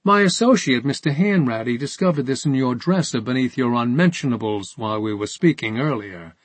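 Storybook villain, mocking and sarcastic, read by a man, husky voice pitched up. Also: animated, fairly quick, no room sound, natural voice. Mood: taunting. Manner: taunting and sarcastic. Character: menacing, mocking male interrogator.

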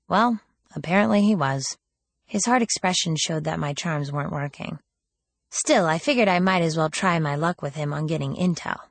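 A woman reads a first-person novel aloud with wry, lively storytelling. Her voice sits low and slightly husky, and the recording is close and dry with no room sound. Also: no echo. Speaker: audiobook narrator. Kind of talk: first-person audiobook narration.

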